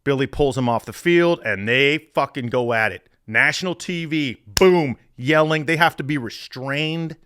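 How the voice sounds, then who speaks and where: A middle-aged man hosting a sports podcast, telling stories in a profane, animated way. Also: mid-range voice, unhurried, few pauses, smooth, dry recording, studio quality. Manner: profane, animated storytelling with laughs. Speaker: podcast host.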